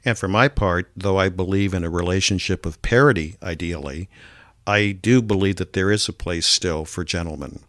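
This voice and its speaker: A middle-aged man hosting a radio talk show, speaking in a measured, earnest and courteous way about dating. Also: deep voice, fairly bright tone, dry recording, clean studio sound. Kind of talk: casual chat about dating.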